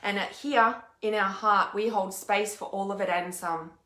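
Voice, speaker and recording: A woman's voice: mid-range voice, fairly even intonation, normal speed, sharp tone, reverberant. A woman hosting a casual live stream, reading out viewer comments and talking bluntly with frequent swearing. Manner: blunt, swears freely, rants with emphatic repetition. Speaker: intuitive healer and mentor hosting a live stream.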